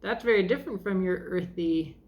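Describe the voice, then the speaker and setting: A woman's voice: medium pitch, a little fast, darkish tone. A woman giving a casual tarot card reading, chatty and self-deprecating, thinking aloud as she turns each card. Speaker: tarot reader.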